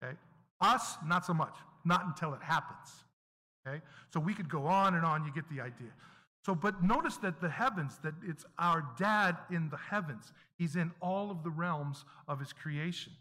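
A man's voice: a little high, moderate pace, sharp tone. A man preaching a sermon in a conversational teaching style, often asking the congregation questions. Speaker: pastor. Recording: echoey hall with long reverb.

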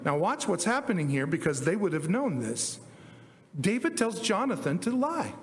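A man's voice: high voice, very animated, normal speed. A man preaching a casual sermon, retelling scripture stories in a chatty way and acting out the dialogue in slang. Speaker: pastor. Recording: long hall reverb.

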